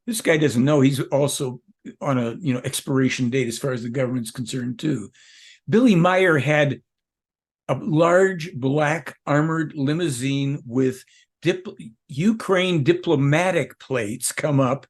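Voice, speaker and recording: A man's voice: on the high side, a little slow. A man speaking as an interview guest, rambling and emphatic, jumping from point to point. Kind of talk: casual interview talk.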